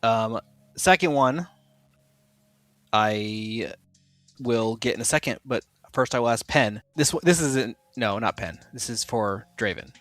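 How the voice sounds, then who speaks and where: A male podcast host in an easygoing chat, his voice at a middling pitch. He rambles, stops mid-sentence to correct himself, and laughs often. Faint music plays softly behind him. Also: unhurried, no room sound. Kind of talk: casual chat.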